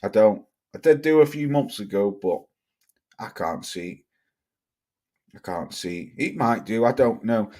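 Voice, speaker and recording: A man's voice: fairly low pitch, darkish tone. Male livestream host from Cheshire, blunt, sweary ranting delivery. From Cheshire, England. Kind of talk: livestream rant reading chat comments.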